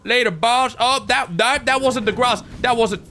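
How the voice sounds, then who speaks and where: A man's voice: very high voice, moderate pace, sharp tone, a little hiss or hum. A man giving goofy, dramatic, self-mocking commentary while playing a video game. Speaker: gaming video creator. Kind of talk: let's-play commentary.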